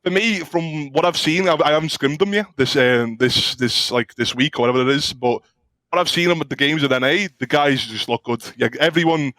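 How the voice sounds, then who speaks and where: A man's voice: a little high, a little fast, sharp tone, no room sound. Rambling man, slangy guest talk. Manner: rambling, loose, heavy slang and swearing. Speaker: pro player guest. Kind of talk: casual esports chat.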